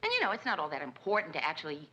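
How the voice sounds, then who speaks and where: Eager, halting woman in love on a 1970s sitcom, bright lively voice. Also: low voice, slight background noise, exaggerated voice, rough recording. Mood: hesitant. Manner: eager, halting, self-conscious. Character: earnest single woman newly in love.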